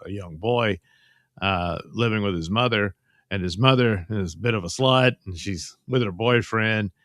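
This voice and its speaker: A man chats through a live movie recap in a bright, forward voice, recorded close and dry. He wanders, trips over his words and chuckles often, reading chat comments along the way. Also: on the low side, dry recording. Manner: rambling, stammering, chuckling often. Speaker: host of a live movie-review stream. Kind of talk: casual live-stream chat.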